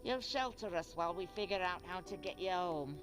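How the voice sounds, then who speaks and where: An actress playing a gruff old blind woman seer in a video game, blunt and wry. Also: on the low side, animated, a little fast, music in the background, natural voice. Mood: knowing. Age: older. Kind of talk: game voice acting.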